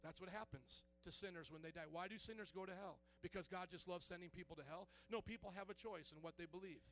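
A man's voice: sits high, fast, a bit bright, slight background noise. A male pastor preaching a sermon in a conversational way, quizzing the congregation with questions and dropping joking asides.

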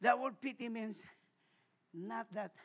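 Male pastor, gravelly and husky, preaching and shouting hallelujahs between phrases. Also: extremely high pitch, takes it slowly. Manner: swings from hushed asides to shouted exhortation. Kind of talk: sermon. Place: church.

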